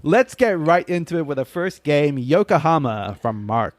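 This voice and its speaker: Man, podcast host, casual chat, upbeat, fairly high lively voice, dry close sound. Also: normal speed, dry recording. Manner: upbeat, laughs easily.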